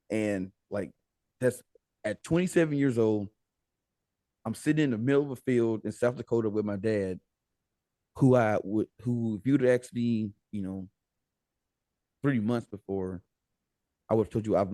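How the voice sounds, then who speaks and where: Lively low-voiced American man telling a story. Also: normal speed, pauses often, dry recording. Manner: animated, laughing, retells with quoted dialogue. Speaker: podcast guest. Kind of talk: casual storytelling.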